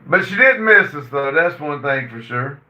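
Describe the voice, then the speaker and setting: A man's voice: on the high side, expressive, pushed and bright. A man hosting a casual livestream, reading viewer comments aloud and answering them with many "uh" fillers. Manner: reads chat messages aloud and answers them; halting, frequent "uh" fillers. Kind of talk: casual chat. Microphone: phone. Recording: roomy, distant and dull phone audio.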